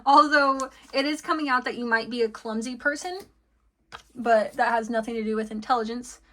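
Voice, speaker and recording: A woman's voice: fairly high pitch, normal speed, a bit bright. Giggly, chatty woman reading tarot. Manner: chatty, lots of fillers and giggles. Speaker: tarot card reader. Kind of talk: casual spiritual reading.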